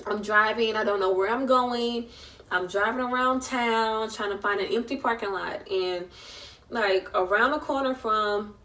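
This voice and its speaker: Here a young vlogger recounts an emotional story from her own life, performing the other people's voices as she quotes them. Her mid-range voice is a bit bright, the delivery chatty and emotional, and the recording was made from a distance.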